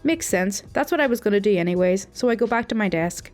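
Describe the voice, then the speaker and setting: A woman's voice: mid-range voice, expressive, quick pace, few pauses, soft background music. A woman hosting her storytime channel, reading a call center story aloud with a wry, amused manner.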